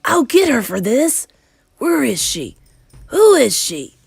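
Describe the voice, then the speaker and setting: A woman voicing a loudmouthed, greedy, spoiled boy who has been turned into a mouse, shouting indignantly in a storybook read-aloud. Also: mid-range voice, big pitch swings, moderate pace, breathy edge, no echo.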